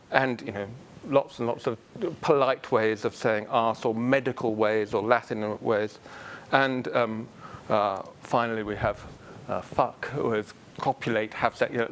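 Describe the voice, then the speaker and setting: A man lecturing in a college hall at a middling pitch, chatty and unhurried, with plenty of ums and uhs. A faint low rumble sits under his voice. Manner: relaxed, many ums and uhs. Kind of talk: public lecture on word history.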